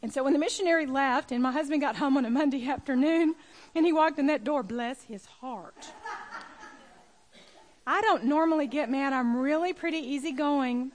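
High-voiced woman giving a testimony. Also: moderate pace. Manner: storytelling, emphatic, rising to near-shouting at high points. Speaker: women's ministry speaker. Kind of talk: personal testimony talk. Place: room with a live audience.

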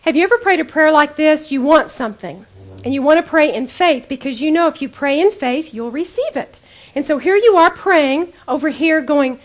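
A woman giving a conversational storytelling sermon to women, earnest, dropping to a hush when she acts out her own prayers. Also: sits high, expressive, fairly quick. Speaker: women's Bible teacher.

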